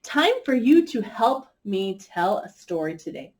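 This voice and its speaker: A woman's voice: mid-range voice, very animated, unhurried, darkish tone. A woman teaching a kindergarten music lesson, leading children through animal sounds for a story.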